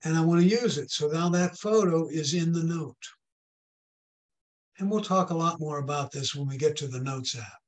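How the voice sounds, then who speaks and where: A man leads a hands-on tech class at a patient, folksy pace and keeps checking that everyone is following. His voice sits a little high for a man. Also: moderate pace. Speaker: technology class instructor. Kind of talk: hands-on tech lesson with a told joke.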